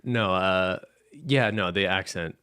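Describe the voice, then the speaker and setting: A young man co-hosting a podcast, chatting casually in a relaxed, rambling way and laughing often. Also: sits low, slow, smooth, no room sound, clean studio sound. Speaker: podcast co-host. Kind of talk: casual chat.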